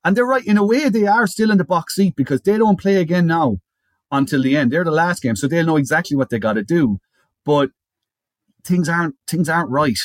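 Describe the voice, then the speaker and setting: A man co-hosting a podcast, retelling an old football interview in a lively casual way and often repeating words as he goes. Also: on the high side, fairly quick, dry recording, studio quality. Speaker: podcast co-host. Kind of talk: casual chat, storytelling.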